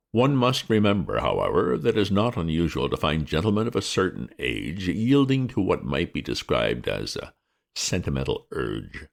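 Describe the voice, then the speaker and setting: A man voices an unflappable male valet in a storybook reading. The voice sits very deep and rough-edged, and it stays formal, measured and politely deferential throughout. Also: exaggerated voice.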